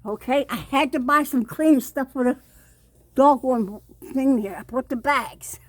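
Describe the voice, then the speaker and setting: A woman's voice: high-pitched, a little slow, low-quality recording. An older woman filming a walkthrough of her kitchen on her phone, out of breath and insistent, often asking "okay?". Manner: insistent, keeps saying okay. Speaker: vlogger. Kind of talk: home video walkthrough. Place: small home kitchen, indoors.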